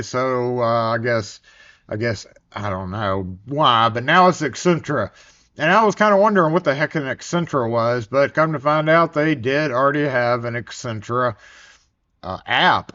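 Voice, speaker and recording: A man's voice: medium pitch, fairly bright tone, clean tone, lo-fi sound. A man talking as a locksmith in a casual product review vlog, rambling loosely with many fillers and restarts.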